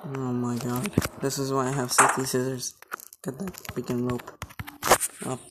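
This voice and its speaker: A man's voice: medium pitch, completely flat delivery, moderate pace, background noise. A young man giving let's play commentary, jumpy and swearing, with panicky outbursts. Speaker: gaming YouTuber. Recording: gameplay commentary over loud game music.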